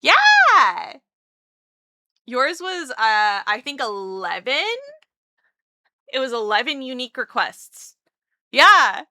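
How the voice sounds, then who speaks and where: A woman streaming live, chatting casually with her viewers in a bubbly, excitable way, rambling with lots of fillers and greeting chat with repeated hellos. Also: a little high, a little slow, no room sound, clean studio sound.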